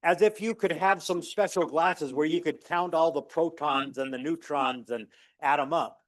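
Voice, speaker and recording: A middle-aged man lecturing university physics, telling stories with lively, acted-out dialogue. His voice sits a little high for a man. The sound is dry and close with no room echo, as if from a lapel mic. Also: normal speed. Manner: animated storyteller, acts out dialogue with rising pitch. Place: lecture hall.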